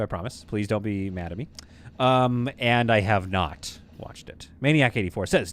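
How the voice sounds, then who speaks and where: A man's voice: on the low side, moderate pace. A man casually talking through a game on a live stream, reading viewer comments aloud. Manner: casual, chatty, reads chat aloud.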